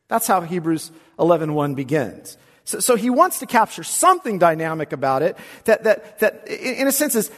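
A pastor preaching an expository sermon in a church, swinging between emphatic lines and hushed asides and asking rhetorical questions. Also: male voice, high-pitched, big pitch swings, normal speed, long reverb tail. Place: church sanctuary.

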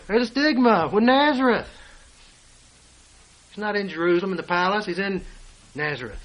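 Man, preacher, fairly high voice, sermon, reads scripture, hushed then loud and emphatic. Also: moderate pace, pauses often, poor audio. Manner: swings between hushed asides and loud emphatic declarations; reads and explains scripture verse by verse.

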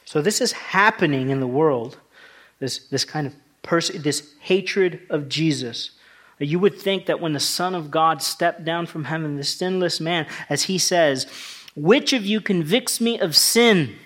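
Man, pastor, sermon, conversational preaching, emphatic passages, slightly higher voice. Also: unhurried, fairly bright tone.

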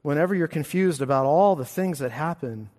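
Emphatic preacher in a reverberant hall. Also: male voice, on the high side, animated, fairly quick. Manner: emphatic preaching, swinging from hushed to loud. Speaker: pastor. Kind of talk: sermon.

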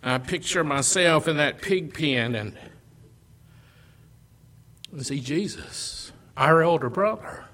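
A man delivers a sermon at an unhurried, deliberate pace. His voice sits a little high and moves between loud declarations and hushed, almost whispered lines. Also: lively intonation. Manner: slow, deliberate phrasing. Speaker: preacher.

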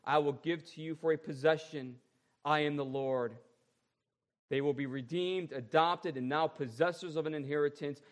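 A man preaching a sermon as a pastor, drawing out repeated phrases and moving between loud stresses and quiet asides. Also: on the high side, fairly even intonation. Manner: emphatic, drawn-out repeated phrases, shifting between loud and soft.

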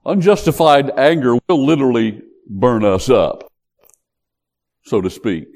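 Animated man preaching a sermon. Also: medium pitch, measured pace, gravelly. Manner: animated, emphatic, acts out quotes.

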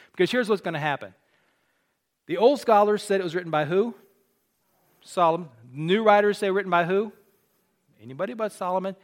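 A man preaching a sermon, explaining scripture in an earnest conversational way and rising to emphatic peaks on key points. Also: high-pitched.

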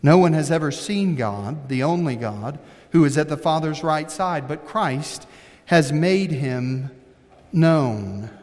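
High-pitched guy preaching, emphatic, long echo like a big church hall. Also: expressive, takes it slowly, a little mellow. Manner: emphatic preaching, reads scripture aloud with commentary. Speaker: pastor. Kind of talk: sermon.

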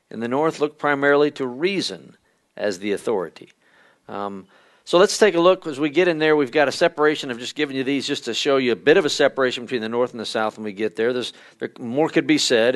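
A man with a medium-pitched, fairly bright voice teaches church history at a midweek service. His style is conversational, with frequent filler-laden pauses and quotations read aloud.

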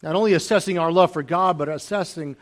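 A male pastor delivers a sermon in a voice pitched a little above most men's. He drops to soft, almost hushed phrases, then lifts into raised, emphatic lines. He repeats key phrases to drive them home. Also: fast.

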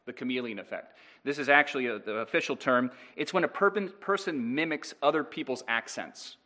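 A man's voice: fairly high pitch, expressive, a little fast, bright, forceful tone. A male pastor preaching a sermon, earnest and direct, putting rhetorical questions to his congregation.

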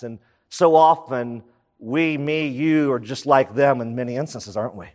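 A man preaching a sermon in a conversational style, full of quick asides. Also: medium pitch, big-room sound. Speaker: pastor.

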